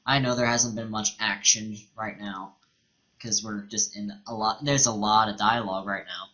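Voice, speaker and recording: A man's voice: fairly low pitch, fairly even intonation, normal speed, sharp tone, muffled recording. A young man hosting a let's play, reading the game's dialogue aloud and joking casually between lines. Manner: casual, joking, reads in-game text aloud.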